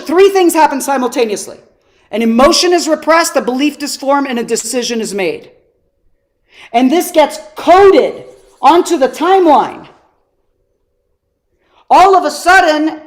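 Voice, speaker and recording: Brief: woman coach, higher voice, lively storyteller teaching online. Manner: animated storytelling, rhetorical questions. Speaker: personal development coach.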